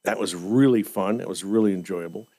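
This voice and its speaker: A man co-hosting a podcast in casual chat, telling game anecdotes with lively energy and frequent laughter. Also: low voice, fairly quick. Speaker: podcast co-host.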